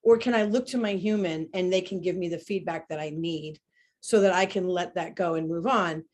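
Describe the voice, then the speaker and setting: A woman teaching about horse behavior in a webinar conversation, talking in an animated way and demonstrating sounds as she explains. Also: on the low side, normal speed.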